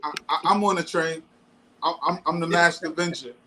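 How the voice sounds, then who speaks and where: A man's voice: fairly high pitch, fairly even intonation, moderate pace, a crowd in the background. A man panelist in a casual talk, joking playfully and acting out quotes.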